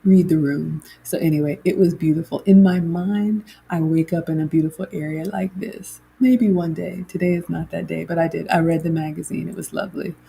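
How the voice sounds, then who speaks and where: Woman, middle-aged, mellow tone, chatty livestream host. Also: low voice, fairly even intonation, brisk, vocal fry, few pauses, husky. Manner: chatty, reading viewer comments aloud. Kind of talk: casual livestream chat.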